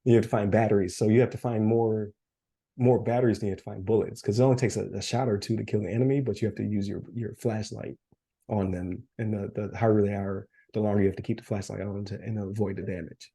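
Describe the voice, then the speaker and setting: A man's voice: on the low side, steady tone, fast, dark tone, husky. A man co-hosting a podcast in casual chat, losing his voice, rambling with fillers and frequent laughs. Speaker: podcast co-host.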